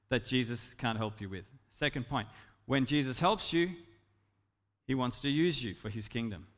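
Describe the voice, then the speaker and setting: A man preaching a sermon as a pastor, swinging from loud emphatic lines to soft, intimate ones. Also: high-pitched, in a large hall.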